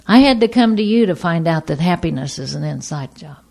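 A middle-aged woman giving a personal testimony to an audience, a lively storyteller who acts out the people in her story. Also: lowish voice, brisk, vocal fry. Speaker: speaker sharing her recovery story.

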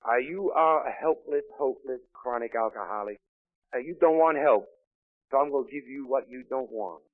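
A man's voice: mid-range voice, normal speed, close to an everyday voice. A man quoting his stern, fed-up wife in a firm, threatening tone. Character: stern fed-up wife, middle-aged woman. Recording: tinny, dry, phone-like old recording.

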